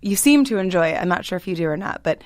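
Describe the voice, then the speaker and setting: A woman's voice: fairly low pitch, expressive, quick pace, no echo. A woman hosting a casual interview, asking friendly, chatty questions with fillers. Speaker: interviewer host.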